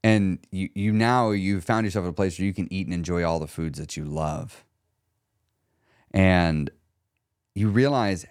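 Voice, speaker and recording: A man's voice: deep voice, unhurried, no echo, studio quality. A middle-aged man hosting a solo weight loss podcast, talking casually and getting worked up into rants. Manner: excitable, gets worked up and rants.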